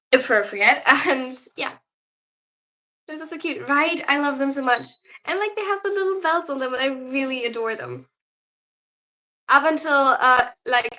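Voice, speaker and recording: Bright high-voiced German woman streaming. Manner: chatty, reads comments aloud and answers them. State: tired. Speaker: livestreamer. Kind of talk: casual livestream chat reading viewer questions.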